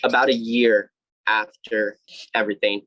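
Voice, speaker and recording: A young man speaks in a low, flat voice as he recounts his past with blunt honesty, cursing often and stopping to restart. The sound is dry and a little dull, like a close, lo-fi podcast mic. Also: moderate pace, no echo. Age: 20s. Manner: blunt, swears freely, many fillers and restarts. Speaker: podcast guest. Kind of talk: candid personal storytelling.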